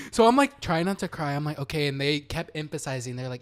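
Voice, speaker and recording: A young man hosting a podcast, telling a childhood story in casual chat, animated and swearing, acting out the people he quotes. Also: on the high side, a little fast, few pauses. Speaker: podcast host.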